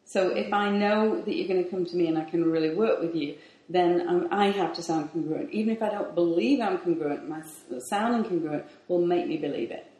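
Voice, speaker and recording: A woman, a guest author and hypnosis practitioner, explains her ideas emphatically and ends her sentences on a falling pitch. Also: brisk, dark tone. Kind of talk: conversational explaining. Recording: echoey room.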